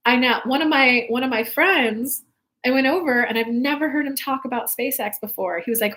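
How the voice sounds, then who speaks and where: Young female spiritual coach, live-stream host, fairly high voice, loose and heartfelt, rambly. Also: a little fast, a bit bright. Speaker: spiritual coach hosting a live reading show. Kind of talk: casual talk to live viewers.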